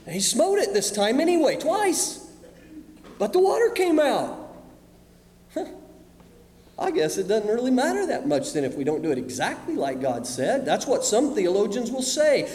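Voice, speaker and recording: A male preacher with a notably high voice delivers a sermon in a church hall. He shifts from emphatic, raised points to quiet, drawn-in asides. The sound is roomy, with a long reverb tail. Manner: dramatic, swings from loud emphasis to hushed asides.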